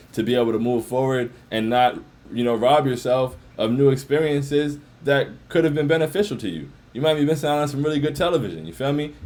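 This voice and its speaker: A man's voice: medium pitch, darkish tone. A man hosting a livestream in casual, slangy chat, repeating phrases as he talks. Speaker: livestream host.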